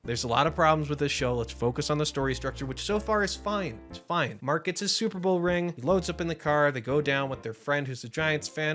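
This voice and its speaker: A young man ranting his way through a show review, swearing freely and getting animated as he talks to the camera. His voice sits a little high for a man, and faint guitar music runs underneath. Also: a little fast, hardly any pauses. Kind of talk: casual commentary rant.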